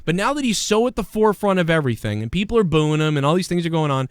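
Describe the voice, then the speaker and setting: A man hosting a podcast, ranting in a profane, animated way and mimicking people as he talks. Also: a little high, rapid-fire, hardly any pauses, clear, resonant tone, no echo, studio quality. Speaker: podcast host.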